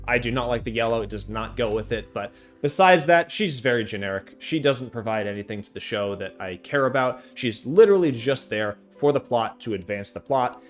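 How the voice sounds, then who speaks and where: A man giving a casual, sarcastic anime review with big jumps in pitch. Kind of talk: casual commentary.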